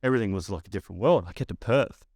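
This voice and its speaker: A man's voice: fairly low pitch, expressive, rapid-fire, darkish tone, no echo, clean studio sound. A man in his thirties with an Australian accent, a podcast guest telling a long story casually, swearing freely and padding his lines with fillers. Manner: laid-back, heavy swearing, lots of "like" fillers. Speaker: podcast guest, former pro basketballer.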